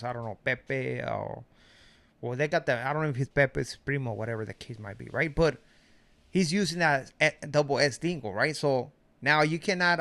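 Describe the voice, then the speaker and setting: A man's voice: medium pitch, creaky, fairly bright tone. A middle-aged man from Mexico giving a blunt, slangy commentary monologue. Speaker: commentary streamer.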